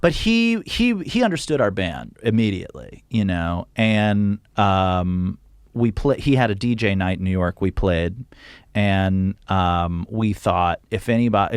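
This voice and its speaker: A man's voice: deep voice, dry recording, clean studio sound. A man being interviewed as a guest musician, telling long casual anecdotes with lots of fillers and little acted-out quotes.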